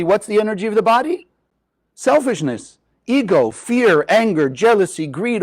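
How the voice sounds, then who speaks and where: A man giving a spiritual Kabbalah teaching to a live group, lively and often asking his listeners questions. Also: high-pitched. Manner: animated, asks the audience questions.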